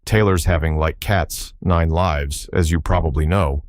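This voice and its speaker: Guy doing a pompous know-it-all bug gentleman, wordy and fussy, storybook voice. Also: a bass voice, a little slow, dry recording, studio quality. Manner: verbose, self-admiring, formal. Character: pompous learned giant male insect, fussy.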